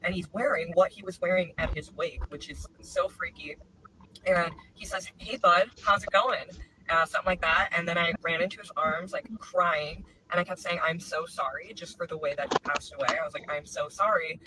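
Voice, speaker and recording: A man earnestly telling a personal story to camera, animated and sincere. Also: fairly high pitch, fairly quick. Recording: distant mic with noise.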